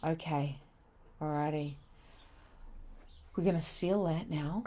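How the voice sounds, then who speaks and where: A middle-aged woman, a spiritual coach leading a live guided meditation and chatting with viewers in a soft, soothing way. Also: on the low side, normal speed, soft background music. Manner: soft, soothing guiding voice with breathy exclamations.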